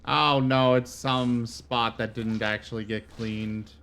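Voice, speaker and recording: A man chatting with friends while playing a co-op game. He is excitable and likes to tease them. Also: mid-range voice, slow. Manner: lively, teasing, excitable. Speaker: gamer. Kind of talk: casual co-op gameplay chat.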